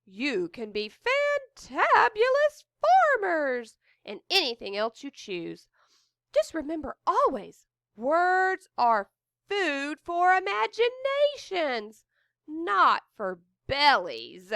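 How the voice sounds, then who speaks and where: A woman voicing a bold, defiant storybook wizard, declaiming in a raised, loud voice while reading a picture book aloud. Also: extremely high pitch, wildly swooping pitch, slow pace, gravelly, no room sound, clean studio sound, exaggerated voice. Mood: solemn.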